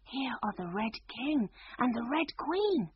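A curious, polite young girl from a storybook speaks in a soft, hushed and wondering voice, as a woman reads her part. Her voice is slightly husky, and the recording sounds dull and lo-fi. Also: on the high side, wildly swooping pitch, moderate pace, dry recording, voice pushed up, exaggerated voice. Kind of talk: storybook reading.

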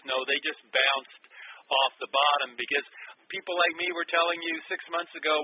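A man's voice: fairly high pitch, lively intonation, normal speed, slightly rough. A middle-aged man speaking as an economist guest, explaining markets in an emphatic, analytical way. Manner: emphatic, analytical, stresses key words. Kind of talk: phone interview commentary. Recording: tinny phone line with faint hiss.

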